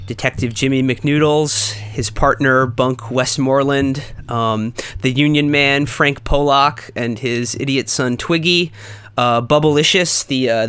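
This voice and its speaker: Podcast co-host, male, from New York; smooth clear voice, dry close sound, rambling delivery. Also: medium pitch, a bit bright, no room sound. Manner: rambling, lots of fillers and restarts. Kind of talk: casual comedic chat.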